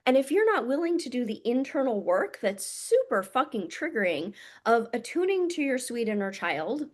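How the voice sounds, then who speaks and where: A woman with a fairly high voice speaks straight to camera as a spiritual coach. She talks in a frank, blunt way, swears freely, and addresses her listeners intimately as "my loves". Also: big pitch swings, moderate pace. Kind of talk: casual monologue to camera.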